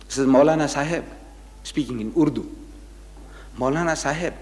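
A man's voice: a little high, normal speed. A man giving a public lecture, telling anecdotes and acting out the quoted dialogue with animation. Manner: animated storyteller who acts out quoted dialogue. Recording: echoey hall reverb.

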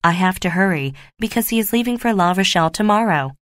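A woman's voice: mid-range voice, expressive, fast talker, dry recording, studio quality, close to an everyday voice. A woman reading the lines of an earnest, devoted young male guard.

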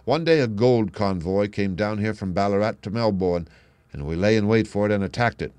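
A weary old man near death, guilt-ridden and confessing slowly and heavily, as a male reader voices him. The voice sits fairly low and sounds close and dry. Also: darkish tone, clean tone, no room sound, natural voice. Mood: grave. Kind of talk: audiobook reading.

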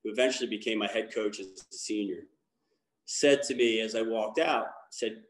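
A man's voice: on the low side, normal speed. Candid man with fillers in an echoey room. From Baltimore. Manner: candid, rambling with many fillers and restarts. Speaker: guest speaker, lacrosse coach. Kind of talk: personal testimony talk.

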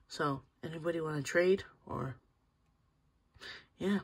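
While cracking packs of trading cards, a channel host chats casually with viewers and perks up with bursts of excitement at good pulls. His medium-pitched, slightly rough voice moves a little slowly, with long pauses.

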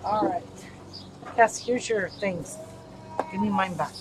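A woman's voice: medium pitch, slow. A grandmother hosting a sewing stream, chatting casually and talking to herself as she works at home. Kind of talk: casual chat while sewing. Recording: steady background noise.

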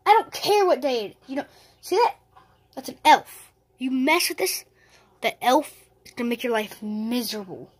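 A woman playing a stingy, short-tempered father who shouts at his son. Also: on the high side, fairly quick, breathy edge. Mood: irritated. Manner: shouting, impatient.

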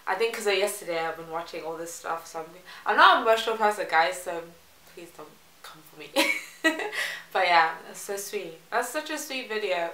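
A woman's voice: on the low side, animated, normal speed, pushed and bright. A woman from South Africa chatting casually in a reaction vlog, rambling and laughing between phrases. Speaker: reaction vlogger. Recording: roomy echo with music faintly behind.

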